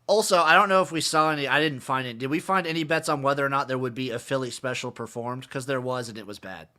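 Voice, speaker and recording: A man's voice: mid-range voice, fast, bright, forceful tone. A man co-hosting a podcast in loose casual chat, joking and asking his partner questions. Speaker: podcast co-host.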